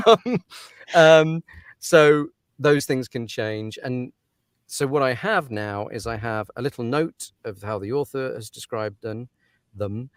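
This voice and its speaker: A man's voice: medium pitch, animated, slow pace, clear, resonant tone, dry recording, clean studio sound. A man who narrates audiobooks, talking through his craft in a casual interview, thoughtful and given to laughs and fillers.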